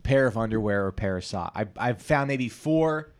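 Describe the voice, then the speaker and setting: A man in his thirties hosting a solo podcast, rambling crudely and self-deprecatingly with many halting restarts. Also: lowish voice, animated. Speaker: podcast host.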